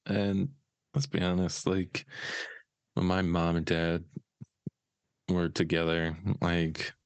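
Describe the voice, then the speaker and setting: A man's voice: low-pitched, little pitch movement, takes it slowly, clean tone, no echo. A man co-hosting a casual podcast, talking in a laid-back, rambling way with lots of fillers and blunt swearing. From California. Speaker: podcast co-host.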